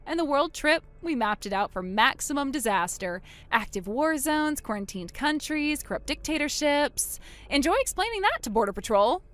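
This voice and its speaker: A woman voicing a wronged older sister in a text-message story, speaking low, subdued and cold. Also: big pitch swings, normal speed, a bit bright. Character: wronged older sister, quiet and bitterly calm.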